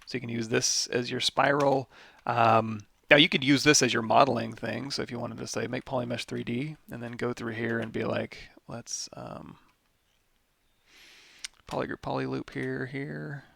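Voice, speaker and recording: A tired man with a lot of vocal fry, teaching a live software tutorial and thinking aloud as he works through menus. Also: mid-range voice, dry recording. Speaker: 3D modeling instructor.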